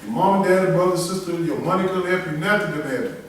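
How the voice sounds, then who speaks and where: A man's voice: sits high, fast talker, very echoey, far from the mic, a little hiss or hum, poor audio. A man preaching a sermon with emphatic delivery, calling on a reader to read scripture aloud. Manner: emphatic, preaching in dialect with call-and-response to a reader.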